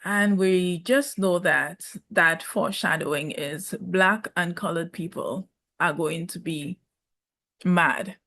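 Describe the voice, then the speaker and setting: A woman's voice: on the low side, fairly bright tone. Sassy young woman reviewing reality TV. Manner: sassy, emphatic, drawn-out repetitions. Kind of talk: casual opinionated commentary.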